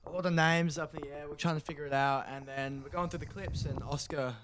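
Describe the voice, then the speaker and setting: A man's voice: a little high, fairly even intonation, fast talker, crowd noise. A man guesting on a podcast, talking in a nervous, self-deprecating and laughing way. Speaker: guest surfer. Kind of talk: casual interview chat.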